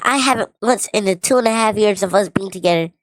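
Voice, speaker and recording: A streamer through a squeaky e-girl voice changer. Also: quick pace, dry recording, low-quality recording. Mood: mock-sweet. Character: squeaky cute e-girl reading an apology.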